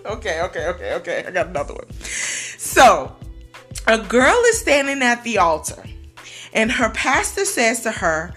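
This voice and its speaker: A woman hosting a faith-based podcast with an animated, teasing manner, often laughing at her own jokes. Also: on the high side, moderate pace, soft background music. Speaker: podcast host. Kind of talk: upbeat podcast talk.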